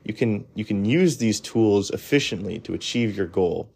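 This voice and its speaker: A man talks through his opinions in a loose, blunt monologue, stumbling over restarts and filling gaps with "you know." His voice sits fairly low with a warm, mellow tone. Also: animated, normal speed, vocal fry, slightly rough.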